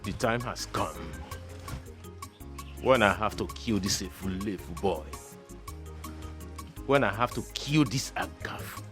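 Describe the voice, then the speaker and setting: An actor playing a scheming man who plots to kill a boy, speaking in a low, menacing way. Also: measured pace, pauses often, fairly bright tone, soft background music. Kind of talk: film drama acting.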